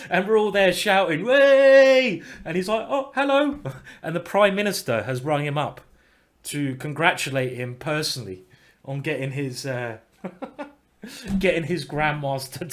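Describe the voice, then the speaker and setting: A man's voice: on the high side, fairly bright tone. A man, commenting chattily and rambling a bit as he plays chess on a live stream. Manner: chatty, rambling, with mild swearing. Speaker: chess grandmaster streaming his games.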